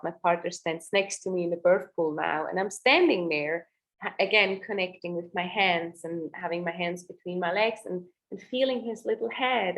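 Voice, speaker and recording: A woman in her thirties, a doula and podcast guest, telling her birth story in an earnest, halting way, often repeating words as she searches for them. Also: medium pitch, poor audio.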